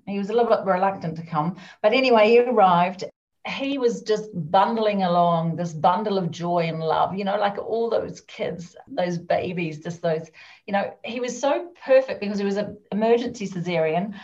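A middle-aged woman with a New Zealand accent, a podcast guest telling her personal story in a chatty way. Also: mid-range voice. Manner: warm, chatty storytelling with fillers. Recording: dull lo-fi sound.

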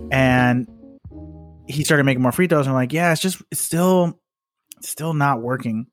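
A man's voice: mid-range voice, moderate pace, loud music behind the voice. A man co-hosting a sports podcast in casual chat, loose and profane, laughing as he retells stories. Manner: loose, swears often, laughs a lot, retells stories in put-on voices. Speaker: podcast co-host.

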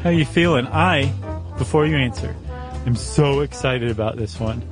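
A man hosting a podcast in casual chat, quick and joking, laughing often. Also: medium pitch, music in the background. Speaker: podcast host.

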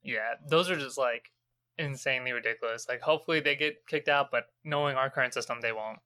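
A man's voice: medium pitch, fairly quick, pushed and bright, dry recording. A man hosting a podcast, chatting casually and filling his talk with "like". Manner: casual, many "like" fillers. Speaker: podcast host.

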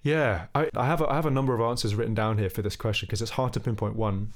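A young man, a musician guest, telling a story in relaxed conversation and singing short bits of melody as he goes. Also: fairly low pitch, fast. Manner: animated, sings snippets of melody while telling the story.

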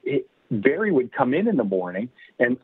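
A man's voice: mid-range voice, very animated, moderate pace, breathy edge. A man telling a long rambling story in casual chat, laughing often and filling with "you know". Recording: tinny phone-like radio line.

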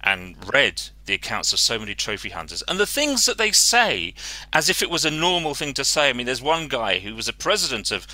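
A man's voice: medium pitch, big pitch swings, brisk, sharp tone, no room sound. A man, an author and campaigner, answering an interview question earnestly and with open disgust, using some fillers. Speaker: author and activist guest.

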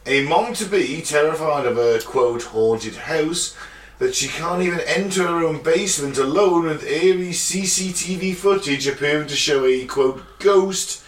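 A man's voice: a little high, measured pace. A man co-hosting a casual podcast, laughing and swearing while he reads out weird news stories. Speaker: podcast co-host. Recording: echoey room, mic at a distance.

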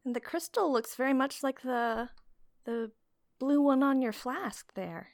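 A woman's voice: high voice, measured pace. A woman playing a tabletop game, joking and bantering playfully. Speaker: player.

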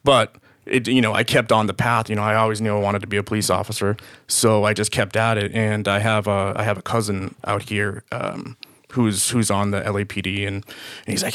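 A man's voice: fairly low pitch, level tone, a little fast, a bit bright, no room sound, studio quality. A man in his forties from the Boston area, an easygoing guest chatting casually in an interview, with frequent fillers. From Boston area, USA. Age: 40s. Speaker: podcast guest, police officer.

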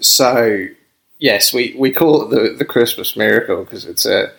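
A man's voice: lowish voice, measured pace, vocal fry, a bit bright, low-quality recording. Laid-back Australian man telling a story. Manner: laid-back, rambling, laughs through his story. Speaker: podcast guest. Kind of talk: casual storytelling.

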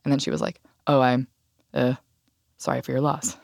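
A woman hosting a podcast, telling a personal story in a candid, animated way and laughing now and then. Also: extremely low pitch, normal speed, vocal fry, dry recording, clean studio sound. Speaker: podcast host. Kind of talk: casual storytelling chat.

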